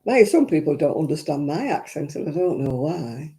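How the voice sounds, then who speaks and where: A woman's voice: low-pitched, sing-song, normal speed, warm tone. An older woman with a Lancashire accent hosting a crafting livestream, chatting casually and rambling through viewer comments with frequent chuckles. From Royton, North West England.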